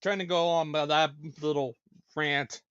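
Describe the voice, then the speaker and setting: A high-pitched man hosts a casual live stream, talking in a ranting, stammering way that circles back on the same words again and again. His voice is dry and close, with no room sound, and the audio is dull and lo-fi. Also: steady tone, moderate pace, fairly bright tone, smooth, no echo. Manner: ranting, stammering, repeats himself. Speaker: show host.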